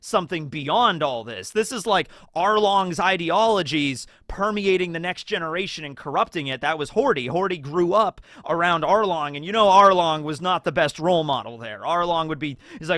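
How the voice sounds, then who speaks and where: An enthusiastic male host rambles through casual fan commentary, his voice slightly high and bright. The sound is dry and close, and he stacks up filler words as he goes. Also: fairly quick, few pauses, dry recording. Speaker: anime video host.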